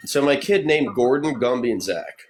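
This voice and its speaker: A man's voice: medium pitch, animated, moderate pace, darkish tone, soft background music. A man chatting casually on a live stream, crude and sardonic, swearing often. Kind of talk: casual chat. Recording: faint background noise.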